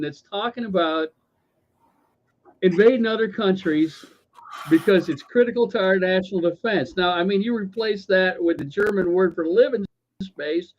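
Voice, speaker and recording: A man co-hosting a casual talk show, ranting with lots of stammering restarts, swearing and sarcasm. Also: sits high. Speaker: podcast co-host. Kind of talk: casual political rant. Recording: dull lo-fi audio.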